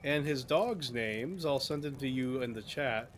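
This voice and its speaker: A man running a tabletop game as game master, casual and quick to swear at technical glitches. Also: mid-range voice, slight background noise.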